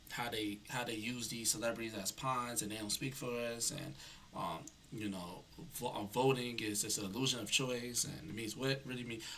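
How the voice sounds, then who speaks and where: Man streaming from his desk, loose and rambling, circles back and repeats himself, mid-pitched voice. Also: vocal fry, fairly bright tone, slight background noise. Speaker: livestreamer. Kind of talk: casual livestream chat. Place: at his computer, typing.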